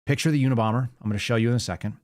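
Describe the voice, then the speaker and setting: A man's voice: mid-range voice, rapid-fire, darkish tone, no echo. Male show host, casual monologue delivery, restarts and repeats words; dry, close sound. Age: adult with young child. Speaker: podcast host.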